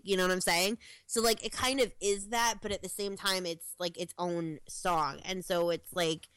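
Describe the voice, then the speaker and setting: A woman's voice: mid-range voice, moderate pace, hardly any pauses, a bit bright, clear, resonant tone, no echo. A young woman co-hosting a podcast in casual chat, talking with many "like" fillers and quoting her own thoughts. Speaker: podcast co-host.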